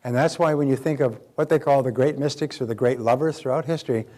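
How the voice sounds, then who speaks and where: A man's voice: mid-range voice, fast, warm tone. A middle-aged man giving a motivational seminar talk, emphatic and acting out quoted dialogue as he teaches. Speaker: self-development speaker.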